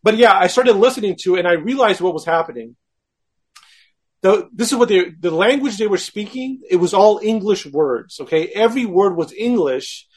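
A man, a guest, telling a personal story in casual talk, animated and self-mocking, acting out his own quoted thoughts. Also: high voice, normal speed, husky.

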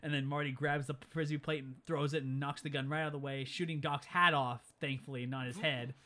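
A young man chatting casually about a film he loves, acting out bits of dialogue as he goes. His voice sits a little higher than most men's, and he keeps the retelling animated and loose. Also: fairly quick. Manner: animated retelling, dropping into quoted character voices. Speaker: podcast co-host. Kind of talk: casual movie recap chat.

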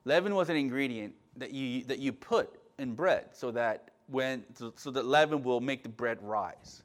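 Speaking at normal speed and medium pitch, the pastor preaches with fervor, his volume rising to emphatic peaks and dropping to quiet asides. Restarts and repeated words come often.

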